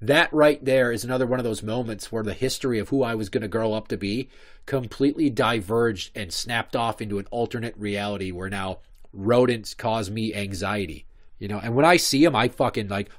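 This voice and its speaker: A man's voice: lowish voice, fairly quick. Profane man in his thirties ranting. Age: 30s. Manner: profane, rambling storytelling. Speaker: podcast host. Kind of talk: casual comic monologue.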